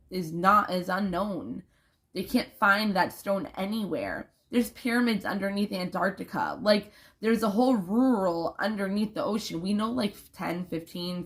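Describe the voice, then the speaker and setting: Gravelly young woman rambling to camera. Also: medium pitch, a bit bright. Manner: rambling, emphatic, swears freely. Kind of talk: casual vlog monologue.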